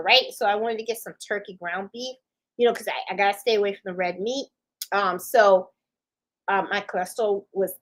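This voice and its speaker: A woman's voice: a little high, low-quality recording. A middle-aged woman hosting a sewing channel, chatting casually and acting out voices as she tells a story with laughs. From Puerto Rico. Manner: animated, laughing, acts out voices in quotes.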